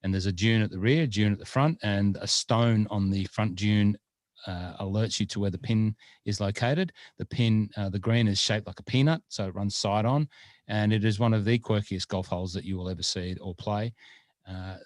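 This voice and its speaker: A man with a very deep voice co-hosts a golf podcast in easygoing chat. He rambles along with plenty of fillers and false starts. The sound is dry and close, with no room around it. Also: normal speed, darkish tone, no room sound. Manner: rambling, with many fillers and restarts.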